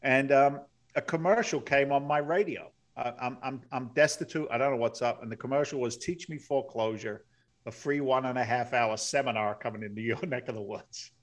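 Middle-aged guy on a podcast telling his story, earnest, choked up, gets loud and excited. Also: medium pitch, a little fast. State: close to tears. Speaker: podcast guest. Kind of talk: emotional storytelling interview.

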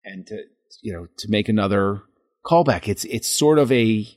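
A man co-hosting a podcast, talking through a film scene in a reflective, halting way with frequent restarts. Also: lowish voice, darkish tone, no echo, studio quality. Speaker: podcast co-host. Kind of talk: casual film discussion.

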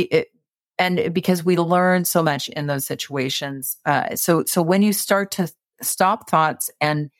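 A woman's voice: deep voice, no room sound, clean studio sound. A woman guest on an interview show, talking in an earnest, encouraging and self-reflective way about changing habits. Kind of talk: conversational interview explanation.

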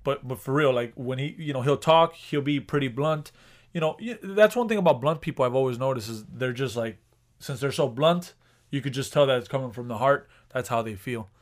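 A man's voice: mid-range voice, fairly quick. Rambling man, casual podcast co-host. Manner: rambling, frequent restarts and swearing. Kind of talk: casual chat.

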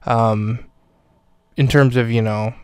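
A man's voice: mid-range voice, fairly even intonation, takes it slowly, a little mellow, clean tone, no room sound. A man hosting a podcast, giving a casual spoken film review full of fillers and self-corrections, close to the microphone.

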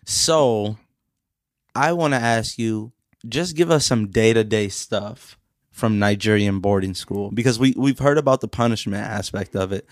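A man's voice: lowish voice, dry recording, clean studio sound. A young man co-hosting a podcast, teasing his partner in slangy casual talk. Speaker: podcast co-host. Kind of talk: casual chat.

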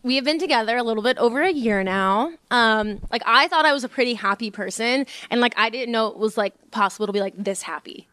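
A woman's voice: fairly high pitch, fast, few pauses, sharp tone, smooth, no room sound. A woman in her late twenties, a podcast guest, chatting in a playful, laid-back way. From United States. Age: late 20s. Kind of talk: casual chat.

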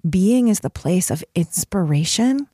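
A woman's voice: on the low side, animated, a little slow, mellow, no echo, studio quality. A woman hosting a solo podcast, talking in an earnest, emphatic, confessional way. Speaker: podcast host.

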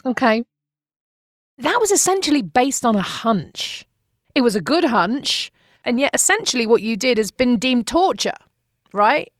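A woman's voice: a little high, sing-song, unhurried, no echo. Probing woman interviewer, dry sound. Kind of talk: interview questions.

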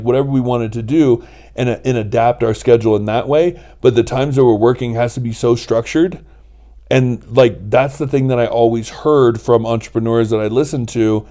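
A man co-hosting a relaxed podcast, talking in a loose, rambling way with some casual swearing. His voice is mellow and dark, sitting at an ordinary middle pitch. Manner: rambling and candid, with mild swearing. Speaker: podcast co-host. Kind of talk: casual chat.

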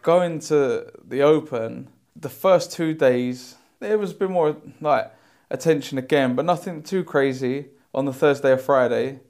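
A young professional golfer with a medium-pitched, slightly mellow voice recalls a memorable day in an interview. He speaks at a measured pace, chatty and loose, filling his sentences with lots of "like."

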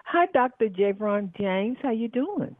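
A woman's voice: mid-range voice, lively intonation, a little slow, no echo. Southern woman on a tinny phone line. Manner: earnest, spiritual, with frequent filler words. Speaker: guest, radio talk show host and coach. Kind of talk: storytelling interview talk. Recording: dry phone-line audio.

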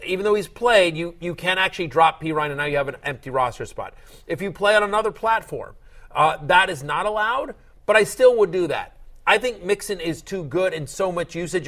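Middle-aged guy hosting a sports show, kinda high voice, animated and chatty. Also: fairly quick. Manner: animated, joking, acts out quotes. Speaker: podcast host. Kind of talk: casual sports talk.

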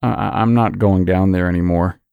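A man's voice: low-pitched, fairly even intonation, normal speed, gravelly, clean tone, dry recording, narrow, tinny audio. A man voicing a frightened teenage girl who wails and sobs. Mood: scared. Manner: wailing, broken by sobs.

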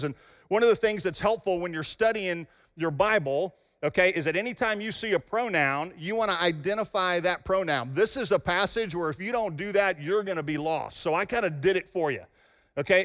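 A man's voice: high voice, fairly bright tone. A man preaching a sermon as pastor, emphatic and often checking in with his congregation. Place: church sanctuary. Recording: long hall reverb in a church.

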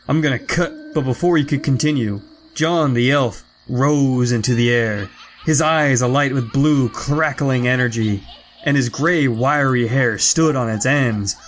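A man reading a spooky fantasy story aloud in a measured, dramatic way. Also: mid-range voice, a little hiss or hum.

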